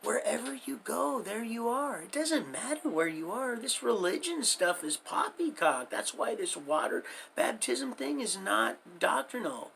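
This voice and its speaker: A middle-aged man with a gravelly, rough-edged voice rambles through a life story and slides into folksy preaching. His tone is sharp and forward, and he calls his listeners beloved as he talks to them. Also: extremely high pitch, very animated, a little slow, hardly any pauses, a little hiss or hum. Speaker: livestream host.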